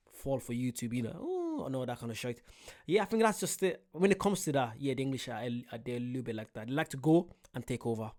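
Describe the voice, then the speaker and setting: A man casually reacting to street interviews, talking in an animated, rambling way and often cutting himself off. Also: mid-range voice. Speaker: reaction video host.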